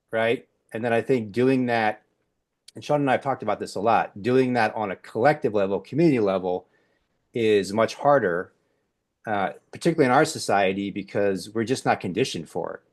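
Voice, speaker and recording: A man hosts a group discussion in a relaxed, rambling way, circling back with restarts and fillers. His voice sits on the low side. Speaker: podcast host.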